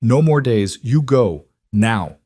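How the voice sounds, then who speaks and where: A man's voice: medium pitch, lively intonation, slow, darkish tone, dry recording, clean studio sound. A man voicing a cold, callous landlord with a foreign accent who speaks in blunt, clipped broken English.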